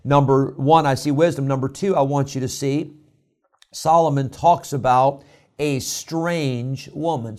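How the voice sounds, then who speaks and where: Preaching man, somewhat high voice. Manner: emphatic, builds to loud exhortation. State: throat-clearing, coughing. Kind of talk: sermon. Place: indoor room.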